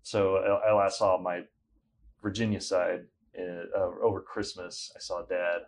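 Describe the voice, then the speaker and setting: Young guy with a really low voice, rambly and laid-back, guest on a chat podcast. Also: measured pace, a little hiss or hum. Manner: relaxed, rambling with fillers and sarcastic asides. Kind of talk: casual interview chat.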